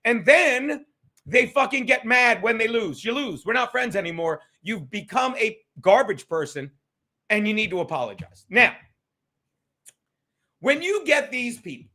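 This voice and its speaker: High, bright-voiced ranting man. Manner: profane, combative, thanking viewers by name. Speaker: livestream host. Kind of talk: ranting livestream talk.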